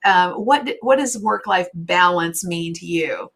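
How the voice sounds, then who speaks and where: A woman hosting a casual interview, chatty and given to asides, often trailing off softly at the end of a thought. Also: fairly low pitch, a little slow. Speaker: host.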